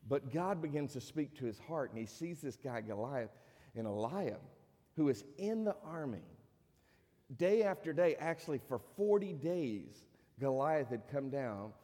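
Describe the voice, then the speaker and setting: A man's voice: a little high, mellow. A male pastor preaching a sermon, often putting rhetorical questions to his congregation. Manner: preachy, asks the crowd many rhetorical questions. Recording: long hall reverb.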